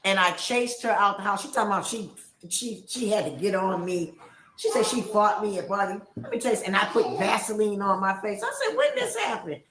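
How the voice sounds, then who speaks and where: Crowd noise and roomy echo surround a middle-aged woman ranting heatedly on a livestream. Speaking fairly quickly in a mid-range voice, she sounds emotional and accusatory, hammering the same points repeatedly.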